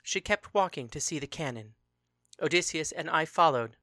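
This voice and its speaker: A narrator reading a story aloud in a calm, even, first-person manner. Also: medium pitch, normal speed, no room sound, studio quality. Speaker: audiobook narrator.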